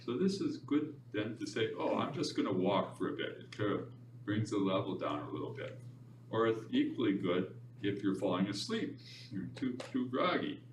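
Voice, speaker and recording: A man with a lowish voice leads a meditation class, relaxed and chatty. He sounds distant from the mic in a reverberant library room. Steady background noise sits under his voice. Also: normal speed. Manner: relaxed and chatty, with easy laughs. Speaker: meditation teacher. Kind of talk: informal class instruction.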